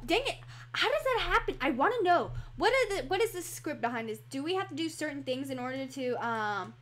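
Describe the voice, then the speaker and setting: A woman chatting casually over her computer mic while touring a game, excitable and full of fillers. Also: sits high, slight background noise. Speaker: gaming channel host. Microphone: computer microphone.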